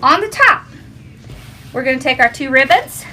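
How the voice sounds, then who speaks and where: A woman's voice: sits high, very animated, moderate pace, pushed and bright, a little hiss or hum. A woman hosting a casual craft tutorial at home, chatty and homey, talking to her viewers and her dog. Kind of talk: casual how-to demonstration.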